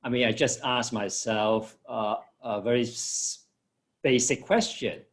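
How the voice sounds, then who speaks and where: A man from Hong Kong answering an interview question in a measured, explanatory way, with short laughs now and then. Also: mid-range voice, steady tone. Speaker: interviewee, former finance professional.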